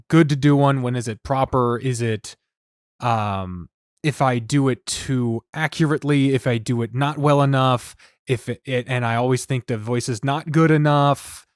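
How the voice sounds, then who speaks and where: A man's voice: medium pitch, clean tone, no room sound, studio quality. A man hosting a casual podcast roundtable, asking guests questions and musing aloud about his worries. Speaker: podcast host.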